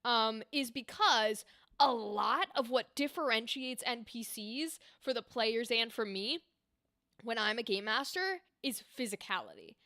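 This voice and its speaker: A young woman voice actor chatting casually on a livestream, animated and explaining with demonstrations. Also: fairly high pitch, unhurried, no room sound, clean studio sound. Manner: animated, talks with her hands, explains with demonstrations. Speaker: streamer and voice actor. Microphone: desk microphone.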